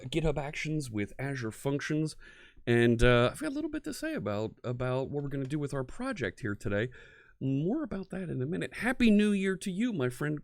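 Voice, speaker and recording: A man with a medium-pitched voice and an American accent, from near Philadelphia, hosts a casual live-coding stream. He chats with viewers, greets them, and laughs easily. The recording is clean studio sound with no room echo.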